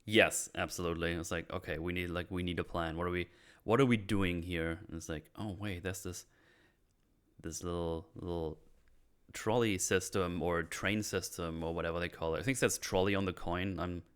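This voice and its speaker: A man's voice: deep voice, fairly even intonation, moderate pace, a bit bright, smooth. A man hosting a podcast, casually breaking down a TV episode in a rambling way, swearing freely and laughing often. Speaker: podcast host.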